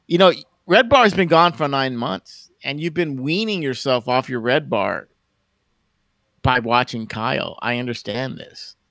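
A man's voice: medium pitch, unhurried, vocal fry, a bit bright, no echo, clean studio sound. A man co-hosting a livestream, ranting casually at the chat, stammering and repeating words, with mocking put-on voices. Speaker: livestream co-host.

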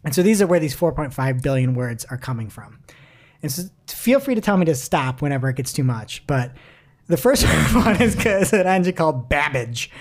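Reading articles aloud in a casual chat, this podcast host keeps a wry, giggly tone and laughs in the middle of sentences. Her voice is deep and very animated, delivered at ordinary speed.

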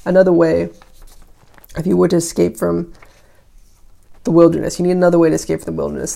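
Podcast host, reads classic poetry and riffs on it casually; gravelly, monotone delivery. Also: mid-range voice, fast talker, long pauses. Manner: reads archaic verse, then paraphrases loosely with many likes and you-knows. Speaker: podcast host reading and interpreting a poem. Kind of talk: casual explanatory reading with commentary.

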